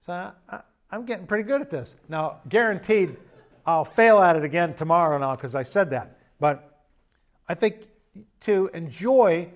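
Guy pastor preaching in church, kinda high voice, chatty and jokey, punches lines hard. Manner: conversational, joking, emphatic preaching. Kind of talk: sermon.

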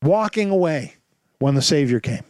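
Pastor guy preaching, kinda high voice, dry close sound, asks lots of questions, acts stuff out. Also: normal speed, dry recording. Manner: animated storytelling with rhetorical questions. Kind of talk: sermon.

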